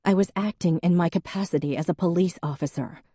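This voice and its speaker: A woman's voice: lowish voice, fairly quick, mellow, dry recording, studio quality, natural voice. A woman voicing a young policewoman who gets flustered and stutters. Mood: defensive. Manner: stutters when upset.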